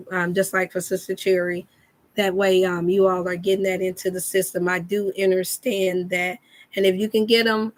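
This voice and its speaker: A woman hosting a casual wellness live chat, talking to viewers in a folksy, preachy way. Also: medium pitch. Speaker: wellness show host.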